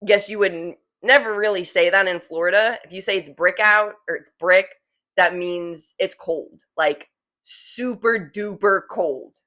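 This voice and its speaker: A woman's voice: medium pitch, measured pace, pushed and bright. A young woman in her twenties from New Jersey, chatting casually to camera as a vlogger, with many fillers of "like". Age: 20s. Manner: chatty, fillers of "like", laughs easily.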